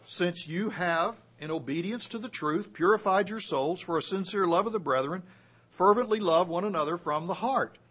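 Emphatic high-voiced preacher man. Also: breathy edge. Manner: emphatic preaching with wide swings in loudness; reads scripture aloud, slows for key phrases. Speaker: pastor. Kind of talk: sermon.

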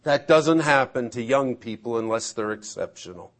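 A man preaching a sermon, swinging from loud emphatic peaks to hushed asides. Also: mid-range voice, normal speed. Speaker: pastor.

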